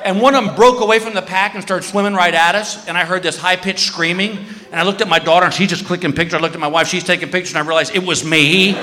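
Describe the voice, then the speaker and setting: A stand-up comedian, a man, telling an animated story and acting out voices and screams on a live stage. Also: sits high, fast, noisy background. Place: comedy stage before an audience. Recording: live stage in a hall with crowd laughter.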